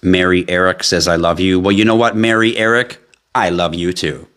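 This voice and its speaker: A very low-voiced man runs a live crypto stream, joking brashly with viewers, swearing freely and reading their comments aloud. He speaks at a moderate pace with a slightly bright tone, and there's a little hiss or hum in the recording.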